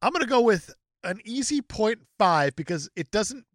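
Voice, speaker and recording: A man's voice: sits high, sing-song, moderate pace, a bit bright, dry recording, clean studio sound. A man co-hosting a movie podcast in casual chat, joking and reading reviews aloud. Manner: joking, reads out reviews with laughs. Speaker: podcast co-host.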